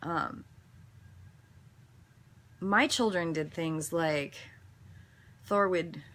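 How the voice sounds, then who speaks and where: A woman's voice: lowish voice, extremely slow, fairly bright tone. A woman hosting a daily devotional, reading a passage and then reflecting in an earnest, meandering way with some self-corrections. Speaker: devotional host.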